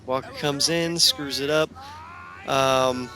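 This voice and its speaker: Man, bright forceful tone, casual chat, corrects details, faint music behind. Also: mid-range voice, fairly even intonation, takes it slowly. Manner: agreeable, interjects, corrects details. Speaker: podcast co-host. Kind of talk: casual chat recapping a TV show.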